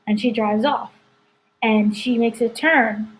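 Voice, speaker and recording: Here a woman editor reviews a TV episode, spoilers included, in a loose, rambling chat full of "like" and "you know." She speaks a little high and a little slowly, captured on a low-quality recording.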